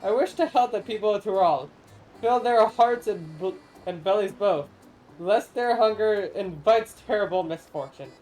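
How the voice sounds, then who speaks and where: A woman's voice: mid-range voice, normal speed, a little mellow, soft background music, close to an everyday voice, rough recording. A woman voicing an ancient, lonely corn spirit in a game, reading its solemn, archaic lines aloud on stream. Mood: grandiose. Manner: archaic, solemn, theatrical speech.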